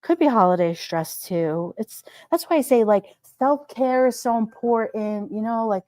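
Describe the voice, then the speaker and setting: A woman hosting a casual livestream, reading viewer comments aloud and chatting about them in an animated way, laughing often. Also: fairly high pitch, normal speed, dry recording. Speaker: livestream host.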